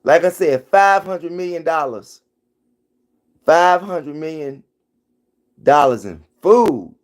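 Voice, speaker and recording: A man's voice: fairly high pitch, lively intonation, slow pace, pauses often. A middle-aged man giving an emphatic, preachy commentary vlog into his phone, hammering his points home by repeating them. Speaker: vlogger.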